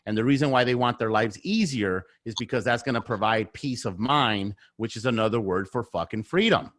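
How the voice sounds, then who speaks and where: A mid-range, fairly bright male voice moves at a brisk clip. He's a real estate investor guesting on a casual podcast, swearing freely, speaking bluntly and repeating phrases for emphasis, captured in a clean studio with no room sound.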